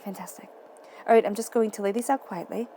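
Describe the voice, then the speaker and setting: A woman giving a tarot reading, speaking in a soft, encouraging way and repeating phrases for emphasis. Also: on the high side, fast talker, a little hiss or hum. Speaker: tarot reader.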